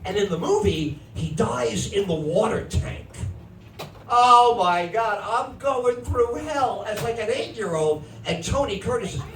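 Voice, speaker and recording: On a comedy club stage, a middle-aged man tells a stand-up story at a measured pace, acting out his family's voices and shouting punchlines with animation. His voice sits high. He's recorded from a distance in an echoey club with noise.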